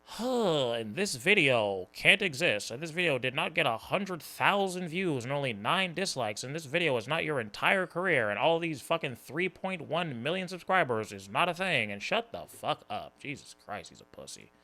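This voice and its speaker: A man's voice: a little high, sing-song, normal speed, hardly any pauses, bright, forceful tone. A man hosting a reaction video, talking in a casual, mocking and exasperated way, swearing often. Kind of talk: casual commentary.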